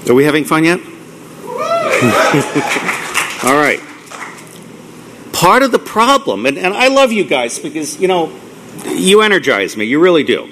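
A middle-aged man giving a live lecture to an audience, blunt and profane, ranting excitedly. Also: fairly high pitch, takes it slowly, pauses often, noisy background. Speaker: conference speaker.

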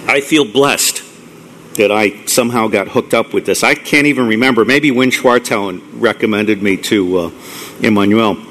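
A middle-aged man giving a live lecture to an audience, blunt and profane, ranting excitedly. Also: fairly low pitch, normal speed, slight background noise. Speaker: conference speaker.

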